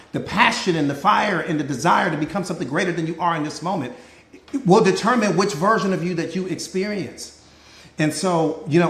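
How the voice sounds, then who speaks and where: A man's voice: a little high, echoey room. A man, a life coach, giving an emphatic live-stream motivational talk with a repetitive, preacher-like cadence.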